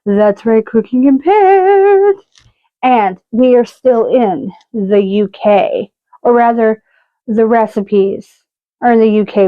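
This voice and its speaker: A woman's voice: medium pitch, no echo, phone-quality sound. A woman hosting a casual cooking video, chatty and joking at her own expense. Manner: chatty and self-mocking, jokes about her own accents. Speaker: cooking show host.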